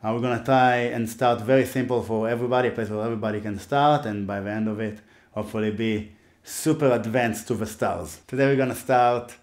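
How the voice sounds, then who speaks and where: An encouraging man leads a casual guitar lesson at a mid-range pitch, talking learners through each step. He speaks the rhythm syllables aloud for them to copy. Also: fairly even intonation, fairly quick, a little mellow, roomy sound. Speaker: guitar teacher.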